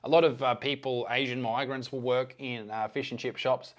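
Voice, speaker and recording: A man's voice: medium pitch, moderate pace. Sarcastic, swearing Australian man. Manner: sarcastic, deadpan, heavy swearing. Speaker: comedian reacting to videos. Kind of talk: casual reaction commentary.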